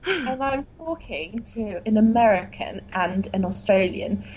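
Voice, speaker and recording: A woman's voice: mid-range voice, animated, a little slow, darkish tone, a little hiss or hum, poor audio. A woman co-hosting a comedy podcast, giggly, sweary and self-mocking. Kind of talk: casual comedy podcast chat. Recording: music underneath.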